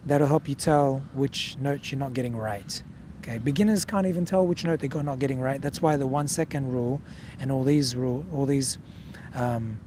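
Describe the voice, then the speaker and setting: A man gives a casual video singing lesson, talking straight to the viewer in a direct, coaching manner and checking in often with "okay?" His voice is medium-pitched and mellow, with slight background noise.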